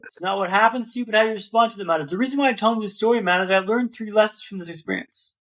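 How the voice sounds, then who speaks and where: A man with a notably high voice tells his story as a podcast guest. He builds each scene in rhythmic repeated phrases and keeps calling the host "man". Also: very fast, a bit bright. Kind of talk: dramatic storytelling in an interview.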